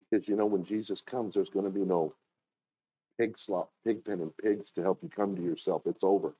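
A man preaching a sermon as pastor, telling stories and acting out quoted voices with sudden jumps in pitch. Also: fairly even intonation, fairly quick, mellow, husky.

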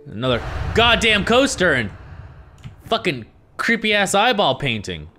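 A man's voice: sits high, big pitch swings, normal speed, sharp tone. Profane, jumpy young man over faint music. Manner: jumpy, sarcastic and profane, swinging from muttering to yelps. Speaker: gaming video host. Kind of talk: horror game commentary.

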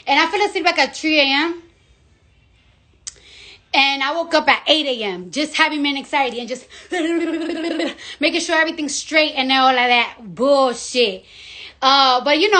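A young woman rambles on a casual live stream, excitable and profane. Her voice sits high and sounds bright and forward.

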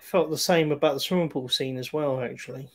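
A man's voice: on the high side, fairly quick, a little mellow. A man co-hosting a film review show in casual chat, hesitant, with many fillers and restarts. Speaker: film review podcast co-host.

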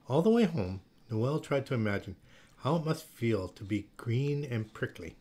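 A storybook reader with a medium-pitched male voice reads a children's picture book aloud, slow and expressive in storytelling style.

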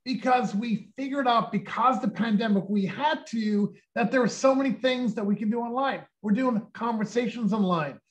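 A man in his sixties giving an energetic sales pitch on a video call, firing off rhetorical questions and acting out quotes. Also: normal speed, few pauses, dull audio. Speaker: company co-founder presenting.

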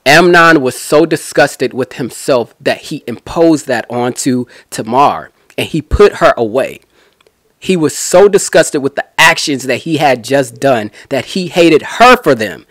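A man's voice: on the high side, lively intonation, unhurried, a bit bright, dry recording, clean studio sound. A man giving a casual Bible teaching, retelling scripture in a chatty, slangy way with asides.

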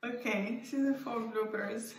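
A woman's voice: on the high side, a little slow, recorded from a distance, heavy background noise. A woman hosting a reaction video, gushing and laughing as she comments casually. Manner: giggly, gushing and excitable. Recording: roomy sound with loud background music.

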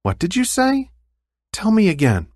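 A man's voice: high-pitched, huge pitch swings, normal speed, darkish tone, no room sound, studio quality, pitched above the performer's own voice, heavily acted. A man voicing a worried village mother in a children's storybook, giving urgent orders. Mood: startled. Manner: urgent, commanding.

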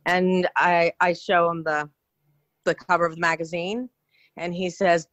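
There's no echo as this actress guest talks, her pitch on the low side and her pace a little slow. Originally from New York, she tells chatty anecdotes in a casual interview, restarting many times.

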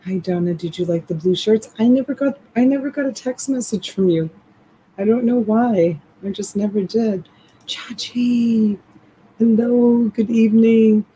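A woman hosting a late-night live stream, chatting loosely and greeting viewers by name in a hushed, half-whispered voice. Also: medium pitch, moderate pace, slight background noise, low-quality recording. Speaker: live-stream reseller host. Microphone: USB desk mic.

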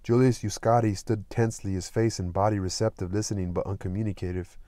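A man narrates a classic novel in a calm, even reading voice. His tone sits low and mellow, recorded close and dry with no room sound. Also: fast, no room sound. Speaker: audiobook reader. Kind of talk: scripted narration with light character voicing.

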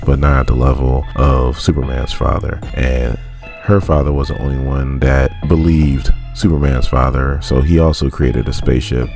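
Very deep-voiced man recapping comics. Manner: laughing, animated, chatty retelling. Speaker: comic book channel host. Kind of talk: casual comic recap vlog.

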